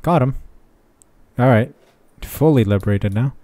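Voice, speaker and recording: A man's voice: medium pitch, a little slow, warm tone, no echo. A young man giving muttered, sarcastic let's-play commentary from his desk microphone. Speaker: gaming channel host.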